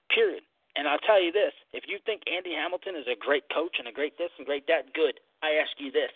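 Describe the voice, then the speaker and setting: Brief: male podcast host, fired-up blunt rant, slightly higher voice, thin phone-line sound. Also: breathy edge, no room sound. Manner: blunt, ranting, calls people out. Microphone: online voice call. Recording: tinny call audio, dry.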